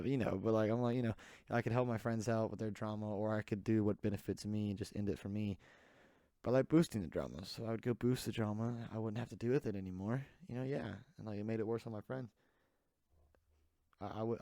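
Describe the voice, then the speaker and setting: A man's voice: lowish voice, darkish tone, no room sound, studio quality. A man hosting a casual solo podcast, rambling with many fillers and restarts. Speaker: podcast host.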